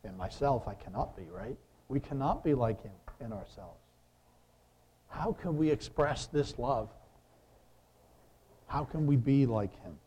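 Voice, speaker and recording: A man delivers a sermon in an easy, conversational way, reading passages aloud and turning to his listeners with questions. His voice is mellow and warm, at an ordinary pitch. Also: a little slow, long pauses, husky. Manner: conversational, asks the audience questions. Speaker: preacher.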